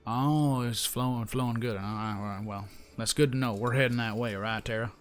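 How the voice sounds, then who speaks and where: A man's voice: medium pitch, a little fast, clear, resonant tone, faint music behind, close to an everyday voice. Man playing a drawling bear-man traveler. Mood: easygoing. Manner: drawling, rambling, with fillers. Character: gruff folksy male bear-man traveler.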